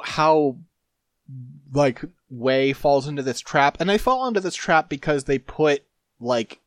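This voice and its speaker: A man's voice: mid-range voice, no room sound, clean studio sound. A man co-hosting a casual book discussion, rambling and jokingly paraphrasing characters. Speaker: podcast co-host.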